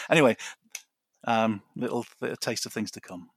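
A man's voice: mid-range voice, unhurried, dry recording, studio quality. A man chatting as a podcast guest from his garden, rambling and laughing often. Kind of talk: casual chat.

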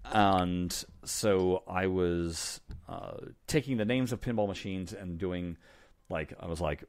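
Low-voiced man reminiscing on a podcast. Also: slow pace. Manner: reminiscing, laughs often, frequent ums. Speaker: podcast co-host. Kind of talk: casual podcast chat.

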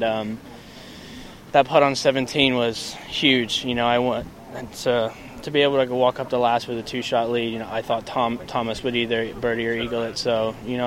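A soft-spoken male pro golfer from England, giving a post-round interview outdoors at the course. He speaks in a flat, even tone at a middle pitch, filling his answers with "you know" and "um". Traffic and outdoor ambience can be heard behind him. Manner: soft-spoken, lots of fillers.

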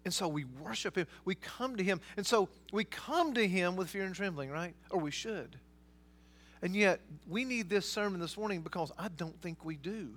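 Male pastor, high voice, earnest sermon, emphatic, loud and soft by turns. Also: moderate pace. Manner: earnest, emphatic, swings between loud and quiet.

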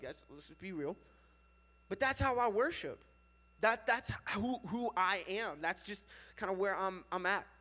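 A young man, a youth pastor, preaching a casual and animated sermon with lots of filler words. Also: high-pitched.

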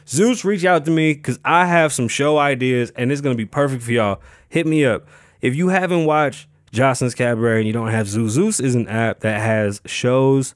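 A young man hosts his own show alone, rambling through topics in a loose, profane, offhand way. He restarts sentences and fills gaps with "um" and "you know." His voice sits at a middling pitch, recorded dry with no room sound. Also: no room sound. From Las Vegas. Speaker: podcast host. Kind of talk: casual solo podcast chat.

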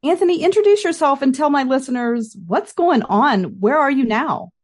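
A woman's voice: high voice, animated, normal speed. A middle-aged woman, a professional dancer, hosting a podcast with an upbeat manner and a sprinkle of Italian greetings. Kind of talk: scripted podcast intro and casual interview.

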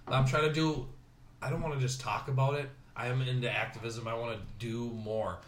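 A man from Southern California talking casually in his dining room, telling stories with lively impressions of other people. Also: mid-range voice, a little fast. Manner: animated storytelling, mimics other people. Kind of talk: casual conversation. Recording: roomy home dining room.

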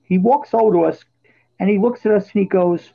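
A man hosting a podcast, telling casual stories and getting loud and animated when he quotes his own yelling. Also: high voice, brisk, gravelly. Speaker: podcast host. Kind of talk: casual storytelling chat. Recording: dull lo-fi podcast audio.

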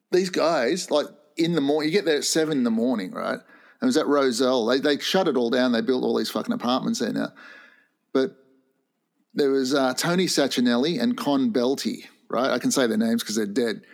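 A man's voice: mid-range voice, moderate pace, gravelly, long pauses. A middle-aged Australian man reminiscing in a laid-back, rambling way on a podcast. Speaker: podcast co-host. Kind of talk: casual chat.

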